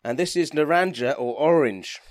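A man's voice: a little high, normal speed, no room sound, clean studio sound. A man hosting a casual comedy chat, sweary and sardonic, still unwell and sweaty in a small booth. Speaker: podcast host.

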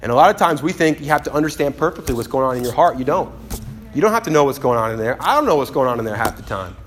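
A man preaching a sermon in an animated, conversational way, often acting out quotes and restarting his phrases. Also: mid-range voice, rapid-fire.

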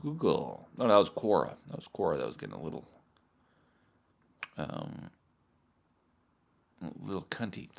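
A comedian and podcast host talking alone, rambling in a profane, self-deprecating way. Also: male voice, sits low, sing-song, normal speed, gravelly, long pauses. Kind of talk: solo podcast monologue.

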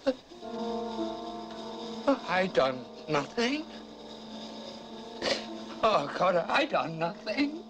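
A man's voice: high voice, big pitch swings, very slow, long pauses, exaggerated voice. An actor playing a frightened young man who desperately pleads his innocence, heard in a film trailer with music behind him.

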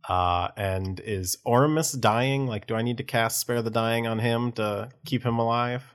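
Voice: mid-range voice, steady tone, unhurried. A player in a tabletop game, playful and scheming as they act their character. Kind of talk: tabletop role-play.

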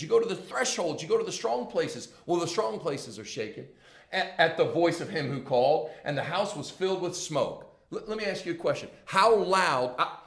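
A man preaching a sermon, swinging from hushed, intense passages to loud, emphatic ones, with casual conversational asides. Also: a little high, roomy sound. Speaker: pastor.

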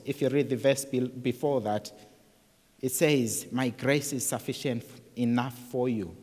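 A man's voice: medium pitch, in a large hall. A man preaching a sermon in an earnest way, often repeating words and restarting phrases.

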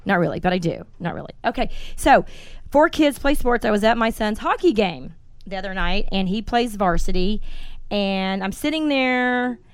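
A woman in her forties hosting a casual podcast, telling stories in a blunt, animated way and swearing freely. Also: medium pitch, normal speed, clear, resonant tone, no echo. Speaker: podcast host.

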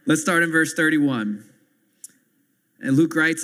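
A man's voice: a little high, measured pace, long pauses, a bit bright. A man preaching a sermon as pastor, earnestly explaining scripture and stopping to add asides to his listeners. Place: church sanctuary. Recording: long hall reverb.

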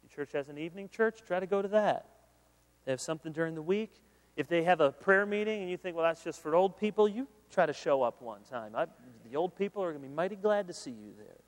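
A man preaching in a large hall, his slightly high voice carrying with a long reverb. He talks in an animated, conversational way, joking with the crowd, then turning earnest. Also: fast talker. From Michigan, USA. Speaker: pastor. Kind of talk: sermon.

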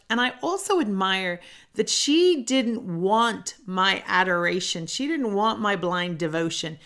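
Woman, middle-aged, podcast host, solo self-help talk, earnest, animated storytelling, mid pitch. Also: unhurried.

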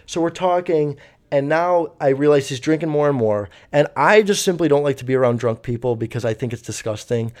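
A man's voice: on the high side, a little fast, darkish tone. A young man telling a story in a casual, rambling way, swearing often and using many fillers. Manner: rambling, profane, full of fillers.

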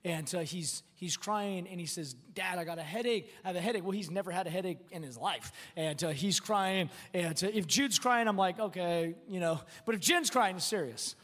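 High-voiced pastor preaching in a reverberant hall. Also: male voice, a bit bright. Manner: repeats words when restarting, self-deprecating humor. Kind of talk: sermon. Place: church auditorium. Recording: long reverb in a large church hall.

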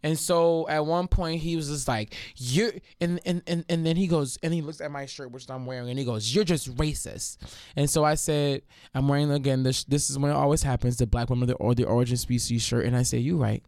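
A man hosting a casual podcast who tells stories in an animated, profane way and acts out what other people said. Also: mid-range voice, fast, hardly any pauses, no room sound, studio quality. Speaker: podcast host. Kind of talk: casual storytelling chat.

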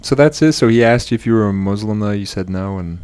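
A man's voice: on the low side, quick pace, a little mellow, smooth. A man co-hosting a casual chat, teasing his friend and cutting in with wisecracks. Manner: teasing and wisecracking, jumps in with jokes. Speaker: podcast co-host.

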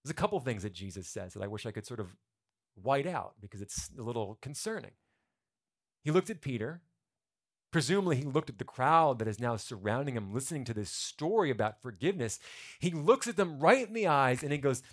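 A man's voice: medium pitch, animated, brisk. A male pastor giving a conversational sermon, retelling a story with humorous asides to the congregation.

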